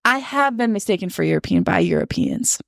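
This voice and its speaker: A young woman from Michigan co-hosting a podcast in casual chat, chatty and giggly, talking in quick bursts. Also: mid-range voice, wildly swooping pitch, vocal fry, no echo, studio quality. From Michigan, United States. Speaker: podcast co-host.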